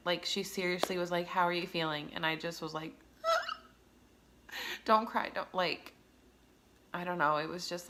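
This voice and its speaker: A woman's voice: fairly low pitch, creaky, fairly bright tone. A young woman, a mother, talking candidly to camera in a personal vlog, rambling with many fillers. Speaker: mother sharing her story.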